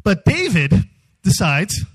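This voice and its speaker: A man speaking as a youth speaker, giving a humorous storytelling sermon in an animated, self-mocking way. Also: sits high, slow pace, husky, rough recording.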